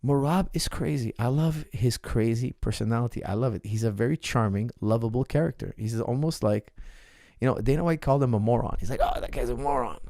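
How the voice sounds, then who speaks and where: A man coaching fighters talks through a bout in casual podcast style, driving each point home with emphasis and repetition. His voice has a gravelly edge at a middle pitch. The sound is dry and close, with no room around it. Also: brisk, dry recording. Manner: animated, emphatic, repeats points. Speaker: MMA coach.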